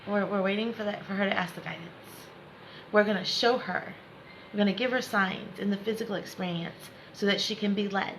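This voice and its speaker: Calm patient spirit guides, as a woman puts them on. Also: mid-range voice, a little fast, a little hiss or hum, close to an everyday voice, poor audio.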